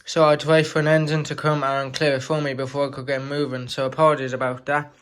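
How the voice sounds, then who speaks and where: A man gives voice to a polite, apologetic steam engine in a homemade storybook tale. He speaks earnestly in a somewhat high, plain voice, with a lot of sorries and hesitant fillers. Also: flat delivery, fast talker, a bit bright, natural voice.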